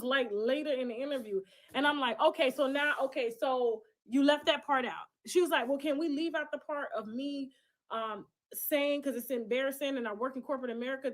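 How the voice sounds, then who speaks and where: A woman's voice: sits high, fairly bright tone. A woman telling a personal story in a casual monologue. She talks bluntly, swears freely and acts out other people's lines as she goes. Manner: blunt, profane and emphatic.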